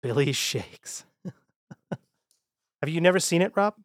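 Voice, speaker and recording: A man's voice: fairly high pitch, animated, unhurried, dry recording, studio quality. A man co-hosting a podcast in casual banter, goofy and full of playful wordplay. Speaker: podcast co-host.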